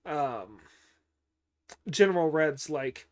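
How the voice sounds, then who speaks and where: A man giving a casual, unhurried recap of a cartoon episode, with many pauses and fillers and dry joking asides. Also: fairly high pitch. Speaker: show recapper.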